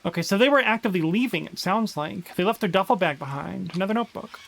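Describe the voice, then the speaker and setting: A high-pitched man chatting his way through a survival game on a live stream. He reads found journal entries aloud with theatrical emphasis, then drops back into loose, chatty commentary. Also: expressive, fast, creaky, fairly bright tone, poor audio.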